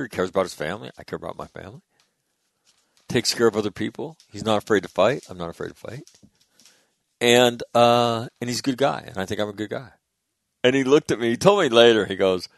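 A middle-aged man with a low, gravelly voice hosts a casual show and spins a story in a blunt, profane, animated way. The sound is dry and close, with no room around it. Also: brisk, no room sound. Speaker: show host.

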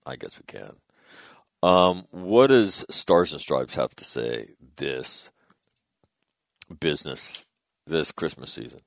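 A middle-aged man hosting a talk radio show, telling stories in a casual, animated way, swearing freely and loudly acting out other voices. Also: rumbling low, slow pace, gravelly, long pauses, no echo, studio quality.

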